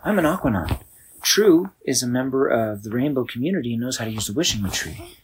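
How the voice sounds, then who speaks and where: A man voicing an eager, helpful young woman, in a breathy voice. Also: mid-range voice, expressive, fairly quick, slight background noise, natural voice.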